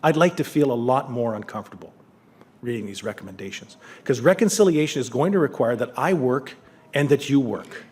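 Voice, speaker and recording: A middle-aged man speaks to a lecture audience in an earnest, conversational tone at an ordinary male pitch. He talks frankly and mixes reflection with storytelling. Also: animated, brisk, darkish tone. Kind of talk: public lecture with anecdotes.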